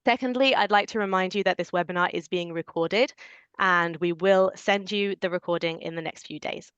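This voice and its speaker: A woman hosting an online webinar, her voice low and smooth, her speech orderly and clear. The recording is dry and close, with the slightly dull, lo-fi sound of a video call. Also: normal speed, fairly bright tone, no echo. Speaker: webinar moderator.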